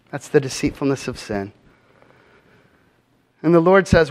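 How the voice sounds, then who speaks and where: A man's voice: on the high side, animated, slow, pauses often, darkish tone. A man preaching a sermon in an earnest manner, often posing rhetorical questions to his congregation. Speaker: pastor.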